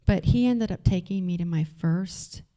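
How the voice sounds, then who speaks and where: Woman with a Texas accent, low and mellow voice, candid personal talk at an event, loose with fillers. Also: moderate pace. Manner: candid, conversational, frequent fillers. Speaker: event speaker. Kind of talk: personal story told to an audience. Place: event venue.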